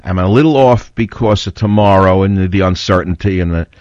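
Older man, talk radio host, blunt and rambling; low-pitched, dry and a little lo-fi. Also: brisk, darkish tone, no room sound. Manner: blunt, combative, rambling storyteller. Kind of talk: opinionated talk radio monologue. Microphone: studio mic. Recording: dull, slightly lo-fi radio audio.

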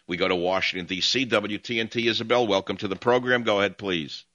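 A man's voice: fairly low pitch, fast talker, bright, forceful tone, no room sound, highs cut off. A man hosting a call-in talk radio show, ranting combatively at his callers in long monologues. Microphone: studio mic.

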